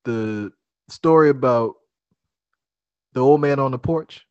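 A man co-hosting a podcast, telling a long family joke in a playful, animated way. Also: mid-range voice, takes it slowly, clear, resonant tone, no echo, dull audio. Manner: playful, animated storyteller doing character voices. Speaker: podcast co-host.

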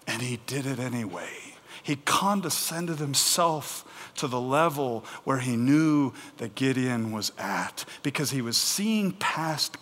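Animated preacher in a reverberant hall. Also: male voice, medium pitch. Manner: animated preaching, acts out biblical voices, swings loud and soft. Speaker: pastor. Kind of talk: sermon.

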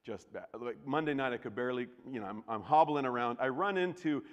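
A man preaching a sermon as pastor, talking casually with the congregation and swinging from loud bursts to hushed, near-whispered lines. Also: medium pitch, fast. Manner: conversational, with restarts and asides to the congregation. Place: church sanctuary. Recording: long reverb of a large church hall.

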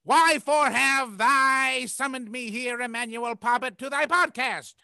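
A pompous high-voiced wizard. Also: male voice, measured pace, creaky, bright, forceful tone, dry recording, clean studio sound, exaggerated voice. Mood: imperious. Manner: pompous, archaic proclamations. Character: grandiose old male wizard, pompous and theatrical.

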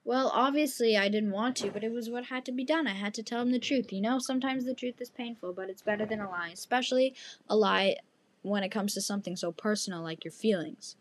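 A woman's voice: mid-range voice, fast, a little hiss or hum. A young woman hosting a podcast who tells a story in a casual, dramatic way and addresses her listeners directly. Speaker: podcast host.

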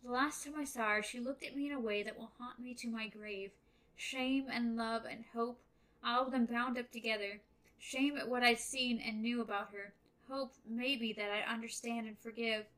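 Earnest lovesick young guy, a lady reading him, steady and low. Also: moderate pace, close to an everyday voice, low-quality recording. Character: earnest young man in love. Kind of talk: reading a novel aloud.

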